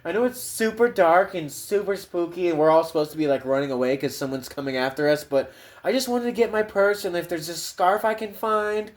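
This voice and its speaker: A man's voice: high-pitched, brisk, natural voice. A man voicing a clueless young woman from a horror movie, airy and oblivious.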